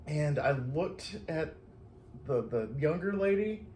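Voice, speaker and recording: A man's voice: on the high side, animated, slow, a little mellow, reverberant, slight background noise. A man, a flower delivery driver, casually telling stories from his day, chatty and laughing often. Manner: chatty, laughs often, acts out quoted voices. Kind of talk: casual storytelling chat.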